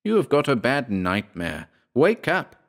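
A man voicing a hearty, jovial young male friend in a horror audiobook, bluff and brisk in manner. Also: mid-range voice, wildly swooping pitch, pitched above the performer's own voice. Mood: teasing.

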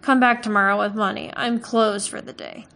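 A woman's voice: medium pitch, fairly even intonation, moderate pace, vocal fry, fairly bright tone. A woman reading aloud and voicing a small, suspicious male village butcher who talks in a scornful, sarcastic and snappish way.

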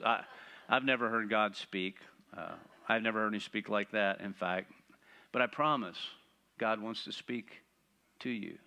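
A man preaching a sermon, animated and playful, asking the congregation rhetorical questions. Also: mid-range voice, unhurried. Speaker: pastor.

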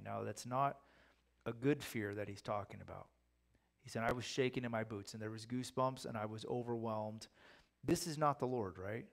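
A man's voice: mid-range voice, a little fast, creaky. A man preaching a casual, conversational Bible teaching, acting out the voices of the people in his stories. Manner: conversational, acts out quoted voices. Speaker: pastor.

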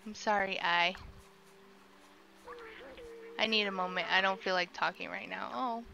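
A woman's voice: medium pitch, steady tone, moderate pace, creaky, pauses often, sharp tone. A young woman casually streaming a video game, playful and silly, chattering along and making sound effects. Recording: slightly dull lo-fi sound with faint noise.

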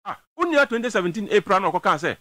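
Emphatic Ghanaian man, lively high voice. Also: fast talker, no room sound. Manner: emphatic, mixes local language with English. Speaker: political commentator. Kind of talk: heated political talk-show commentary.

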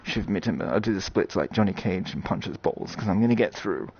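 A man from Australia, rambling through jokey live commentary while playing a VR game, breaking into loud yelps. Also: low-pitched, expressive, fairly quick, vocal fry, breathy edge. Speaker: VR game streamer. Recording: dull lo-fi audio with loud game music.

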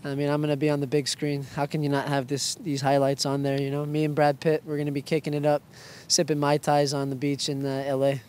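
Playful young man with a raised pitch. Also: monotone, fast, few pauses, a little mellow. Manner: playful, joking, self-mocking. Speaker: professional soccer player, interview guest. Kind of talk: casual quick-fire interview answers.

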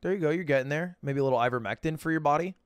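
A man's voice: fairly high pitch, racing, smooth, no room sound. Dry teasing man, close mic. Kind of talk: casual chat.

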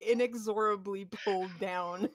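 A woman's voice: medium pitch, fairly even intonation, a little slow, no room sound. A woman running a tabletop game as game master, giving amused, matter-of-fact rulings.

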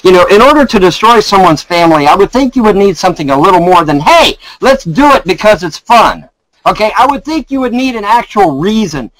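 A middle-aged man ranting angrily on a live call-in stream, profane and shouting, hammering the same taunts again and again. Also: sits high, sing-song, brisk, low-quality recording.

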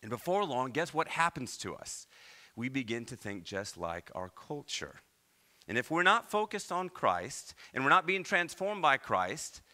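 A man from Iowa preaching a sermon as pastor, with animated delivery and many rhetorical questions. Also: mid-range voice. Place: church.

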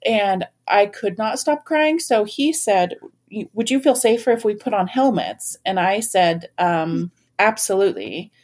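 A woman in her thirties telling funny personal stories as a podcast guest, self-mocking and animated, with lots of "like". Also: medium pitch, measured pace. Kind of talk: casual storytelling.

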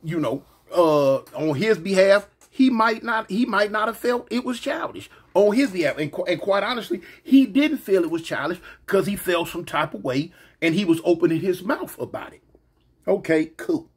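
A man casually telling a personal story to his viewers, animated and full of slang, often asking "you know what I'm saying". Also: high voice, normal speed, slightly rough.

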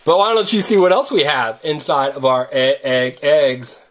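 A woman's voice: low-pitched, moderate pace. A woman hosting a toy-unboxing video, chatting playfully and teasingly with a child as they open surprise eggs. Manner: animated, teasing, sing-song. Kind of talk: playful chat with a child while opening toys.

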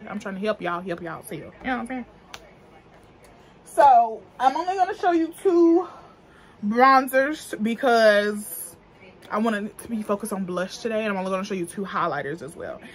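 Reviewing makeup in a casual vlog, a young adult beauty vlogger speaks African American Vernacular English at a moderate pace, her medium-pitched voice animated. She's chatty, slangy and profane, laughing often, and the audio carries a little hiss or hum.

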